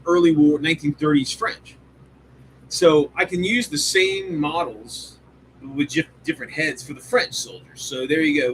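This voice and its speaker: A man's voice: fairly high pitch, fairly bright tone, slight background noise, poor audio. Rambling, profane man on a hobby stream. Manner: rambling, profane, enthusiastic, lots of fillers. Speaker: hobby show host. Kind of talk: casual live-stream chat. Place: home hobby room.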